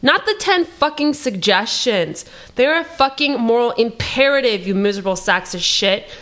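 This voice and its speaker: Woman reader voicing an exasperated, foul-mouthed God for a play reading; sarcastic rant, fairly high pitch. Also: animated, moderate pace, a bit bright. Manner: ranting, profane, sarcastic.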